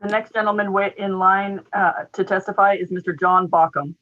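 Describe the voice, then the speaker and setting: A man's voice: high voice, steady tone, normal speed, pushed and bright, highs cut off. A man acting as meeting clerk, announcing the next speakers in a brief, businesslike way.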